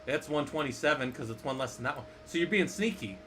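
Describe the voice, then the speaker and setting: A man's voice: fairly high pitch, expressive, fast, a bit bright, a little hiss or hum. Playful man teaching in a casual lesson. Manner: playful, jokey, asks the viewers questions. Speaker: instructor. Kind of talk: casual screen-share lesson.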